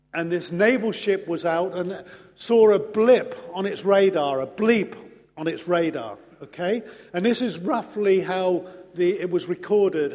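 Slow-preaching man with a high voice. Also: a little mellow. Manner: measured, earnest preaching with slow emphatic pauses. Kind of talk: sermon. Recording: long hall reverb.

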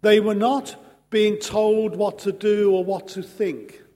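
A man preaching a sermon in an earnest, measured way, pausing slowly for emphasis. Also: high voice, fairly even intonation, warm tone. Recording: long hall reverb.

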